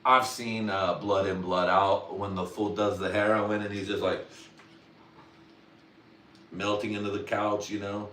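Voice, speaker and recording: A man's voice: lowish voice, flat delivery, a little slow, long pauses, sharp tone, a little hiss or hum. A man doing crude, rambling comedy on a livestream, swearing freely and laughing at his own jokes. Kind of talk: crude stand-up riffing on a livestream. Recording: roomy sound, distant from the mic, faint ambience.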